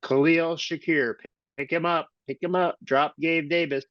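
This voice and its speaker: A middle-aged man co-hosting a casual sports podcast, chatty, with quick asides. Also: a little high, fairly even intonation, a bit bright, no room sound. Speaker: podcast co-host, former football coach. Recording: dull lo-fi sound.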